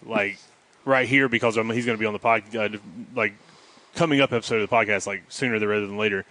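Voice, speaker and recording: A man's voice: fairly low pitch, fairly even intonation, fast, sharp tone, rough recording. Man with a light North Carolina drawl. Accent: light Southern North Carolina. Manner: loose, rambling, swears freely. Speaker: podcast host. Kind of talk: casual chat.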